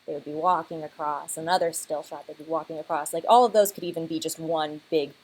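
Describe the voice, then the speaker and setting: A young woman student pitching her team's comic project in class, casual and full of "like" and "um". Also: steady tone, fast, a little mellow, poor audio. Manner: casual, many fillers like "like" and "um". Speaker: student presenter.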